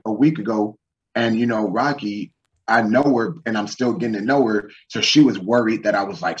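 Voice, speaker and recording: A man's voice: mid-range voice, recorded from a distance. A man on a casual talk show, ranting in a profane, fired-up motivational way. He sounds a little set back from the microphone, and the recording is dull and muffled. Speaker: podcast host. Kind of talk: casual chat.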